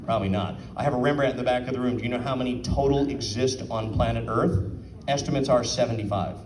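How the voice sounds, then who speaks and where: He's a fast talker with a mid-range voice, giving an informal talk at an art auction where he questions the audience and acts out quotes. Picked up by a distant mic in a room with an audience, the audio is roomy and has background noise.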